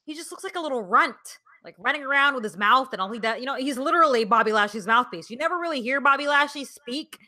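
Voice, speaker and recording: A woman's voice: sits high, lively intonation, fast, few pauses, bright, forceful tone. A woman co-hosting a casual podcast chat who swears freely and laughs often. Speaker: podcast co-host.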